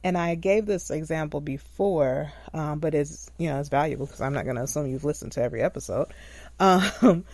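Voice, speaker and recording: A woman hosts a solo podcast, talking loosely and laughing at herself along the way. Her voice sits low and mellow. The recording is close and dry, with no room sound. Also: no echo. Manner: chatty and self-deprecating, laughs often. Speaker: podcast host, empowerment specialist. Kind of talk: casual solo podcast talk.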